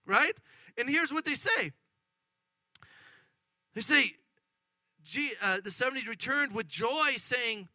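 A middle-aged man preaching a lively sermon, acting out excited voices and asking the congregation questions. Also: very high voice, takes it slowly, pauses often, no room sound. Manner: animated, acts out excited voices, addresses congregation. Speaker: pastor.

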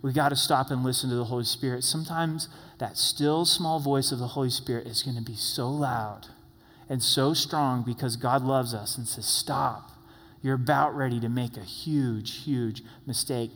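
A man preaching a sermon as pastor, animated and exhorting the congregation directly in a church. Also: mid-range voice, normal speed. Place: church sanctuary. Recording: long hall reverb.

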